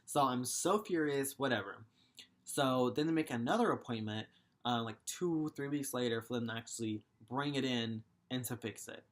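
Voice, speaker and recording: A man's voice: medium pitch, normal speed. A young man in his twenties telling a story casually, swearing and exasperated. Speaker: vlogger.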